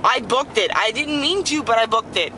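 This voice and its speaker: A young woman in a car, telling a story casually in an excited, profane, rambling way with many restarts. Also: a little high, normal speed, noisy background. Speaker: vlogger. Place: inside a car while driving.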